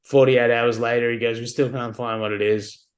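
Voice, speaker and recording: A man's voice: medium pitch, little pitch movement, normal speed. A man in his forties talks as a podcast guest in a mid-range voice. He tells his stories in a candid, wry, casual way. He keeps checking in with "you know what I mean". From Australia. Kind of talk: casual conversational storytelling.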